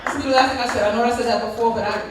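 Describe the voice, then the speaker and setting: High-voiced woman preaching to a hall. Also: fairly even intonation, rapid-fire, noisy background. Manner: preacher-like storytelling with crowd call-and-response. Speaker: school district leader giving a conference talk. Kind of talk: conference speech. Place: large conference hall. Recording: echoey hall from far off.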